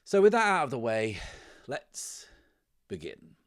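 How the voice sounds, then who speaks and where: A man hosting and narrating a solo tabletop game, telling the scene in a relaxed way and thinking aloud between dice rolls. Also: medium pitch, a little slow, soft background music. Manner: relaxed, descriptive storytelling that drifts into thinking aloud. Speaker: solo game master and host.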